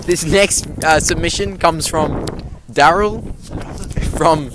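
A man's voice: on the high side, takes it slowly. A man hosting a joking podcast outdoors in a park, announcing each segment in a mock-formal way. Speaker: podcast host. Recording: wind and background noise outdoors.

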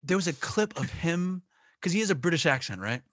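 Male podcast host, husky and animated, loose casual banter. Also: on the high side, fairly quick, no echo, studio quality. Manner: animated, laughs often, does impressions. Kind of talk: casual chat.

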